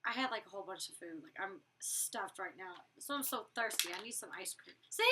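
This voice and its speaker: A woman's voice: fairly high pitch, fast, pushed and bright, far from the mic, a little hiss or hum. A woman in her twenties recapping a reality show episode in a casual, rambling vlog, blunt and profane when she vents. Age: 20s.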